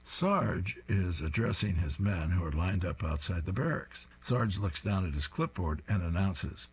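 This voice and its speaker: A man's voice: low-pitched, measured pace, hardly any pauses, breathy edge. A man reading comic strips aloud, describing each panel in an amused way.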